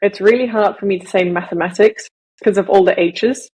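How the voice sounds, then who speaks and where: A woman's voice: mid-range voice, fairly even intonation, brisk, warm tone, slightly rough, rough recording. A woman from Malaysia, co-hosting a podcast in casual chat, explaining things at length in a chatty way. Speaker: podcast co-host.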